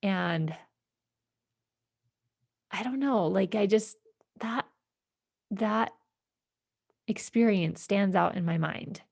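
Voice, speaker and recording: Woman telling a personal story, gravelly. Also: medium pitch, a little mellow, no room sound, clean studio sound. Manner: reflective, halting with many fillers and restarts. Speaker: podcast host.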